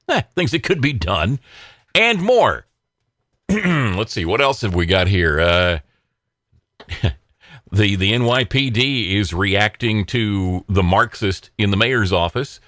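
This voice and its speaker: A man hosts his own casual solo political podcast, talking in a rambling way with many fillers, restarts, and chuckles. His voice is low and a bit bright, and the studio sound is clean with no echo.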